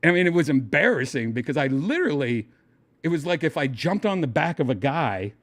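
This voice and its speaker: A man, a comedian hosting his own podcast, telling a crude story in casual, animated fashion and laughing often. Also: brisk. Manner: animated, jumps up in pitch for quoted voices, crude jokes, laughs often. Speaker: podcast host.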